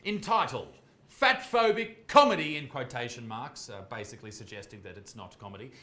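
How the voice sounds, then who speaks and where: A man's voice: medium pitch, lively intonation, a little fast, bright, forceful tone, a little hiss or hum. A man narrating a commentary video in a sardonic, swearing way. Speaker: comedian in a video being reacted to.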